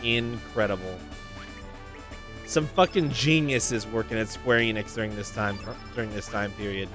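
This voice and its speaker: A man's voice: fairly low pitch, moderate pace, music in the background. A man streaming a playthrough of a game, talking casually with profanity and wry exasperation.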